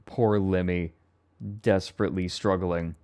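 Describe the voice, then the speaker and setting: A man's voice: sits low, steady tone, a little slow, a little mellow, clean tone. A man streaming, giving laid-back, joking commentary in a casual reaction stream.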